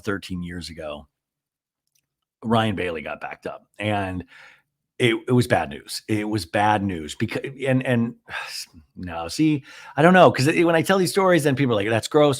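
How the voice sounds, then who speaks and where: A man hosting a comedic TV recap podcast, animated and giggly, rambling into confessional asides. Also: fairly low pitch. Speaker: podcast host.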